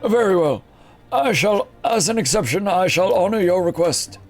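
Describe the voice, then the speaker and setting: A man voicing a pompous elderly judge for a game, formal, deliberate and long-winded. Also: high voice, expressive, faint music behind. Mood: stern.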